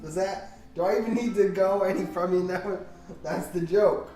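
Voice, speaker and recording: A man's voice: high-pitched, moderate pace, dark tone. A man hosting a livestream, casually telling jokes and giggling through them, in a roomy space with faint music behind. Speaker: livestream host.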